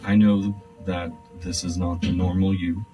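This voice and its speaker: A veiled, spider-like being of no clear sex speaks in a slow, solemn, cryptic voice, as a man puts it on in a tabletop game. The voice is low and unhurried, caught from a distance by the mic, with faint music underneath. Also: little pitch movement, dark tone. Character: tall thin spider-like veiled androgynous being, ominous. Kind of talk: voicing a figure in a tabletop game.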